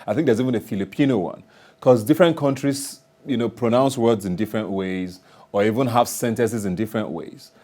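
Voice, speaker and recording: Guy running the panel, lower voice, keeps asking probing stuff. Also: brisk, dark tone. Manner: probing questioner. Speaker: talk show host. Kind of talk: hosting a panel discussion.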